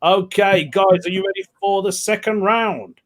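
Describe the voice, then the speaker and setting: A man's voice: high-pitched, fairly even intonation, normal speed, a bit bright. A man hosting an online pun contest over a video call, laid-back and laughing between turns. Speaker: host.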